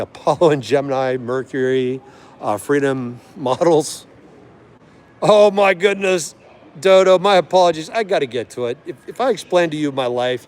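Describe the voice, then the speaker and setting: A man hosting a live stream from an aviation museum, chatting with viewers and greeting each of them by name. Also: medium pitch. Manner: chatty, friendly, answers chat by name. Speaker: livestream host.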